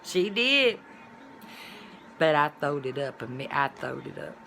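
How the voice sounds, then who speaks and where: Bright-voiced woman telling a lively story. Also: sits low, unhurried, creaky, a little hiss or hum. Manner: animated, colloquial storytelling with sudden loud exclamations. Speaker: vlogger. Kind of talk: casual storytelling vlog.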